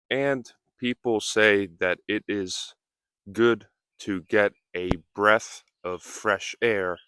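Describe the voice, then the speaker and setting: A man's voice: fairly low pitch, a bit bright, clear, resonant tone, dry recording, studio quality. A male English teacher speaking in short, careful phrases while walking outdoors, a little out of breath. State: slightly out of breath. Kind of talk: slow, deliberate teaching speech. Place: outdoors on a nature walk.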